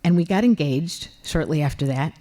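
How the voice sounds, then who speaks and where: A woman in her fifties telling a comic personal story to an audience, animated and full of disbelief. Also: low voice, moderate pace. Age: 50s.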